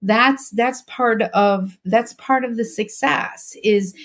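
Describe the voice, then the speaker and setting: A woman's voice: on the high side, slow pace, fairly bright tone. A woman guest on a faith podcast, talking earnestly and reflectively about her journey, with frequent restarts.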